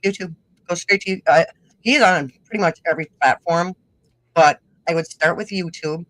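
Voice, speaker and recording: A woman's voice: fairly low pitch, normal speed, dry recording. A middle-aged woman with a northern Minnesota accent, chatting as an interview guest. She rambles through stories and laughs often. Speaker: guest musician-podcaster. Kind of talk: casual interview chat.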